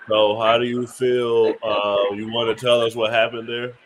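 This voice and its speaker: A man's voice: mid-range voice, flat delivery, normal speed. A man co-hosting a podcast, asking short prompting questions. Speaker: podcast co-host. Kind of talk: casual podcast chat. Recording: clear background noise.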